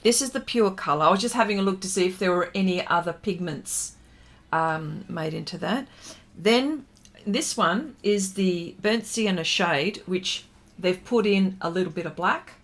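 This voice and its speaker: A woman's voice: fairly low pitch, normal speed. A woman artist chatting casually with viewers during a livestream pastel demonstration, greeting them and laughing often.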